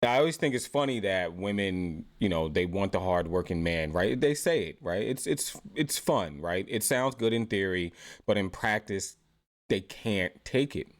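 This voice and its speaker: Speaking at a normal speed, this British reaction-channel host has a low-pitched, animated voice. He chats his way through opinionated commentary, peppering it with rhetorical questions.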